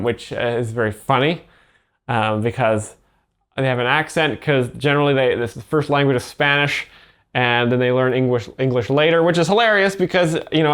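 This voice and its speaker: A man giving deadpan, mock-earnest commentary on stand-up clips, halting with fillers as he explains the jokes. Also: mid-range voice. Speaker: comedy video host explaining jokes.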